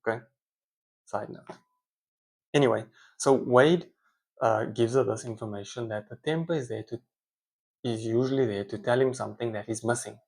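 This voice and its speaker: A man's voice: mid-range voice, moderate pace, creaky, pauses often, darkish tone. A man giving a casual, conversational monologue, often correcting himself mid-sentence. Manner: rambling, self-correcting, conversational. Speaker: speaker, parent.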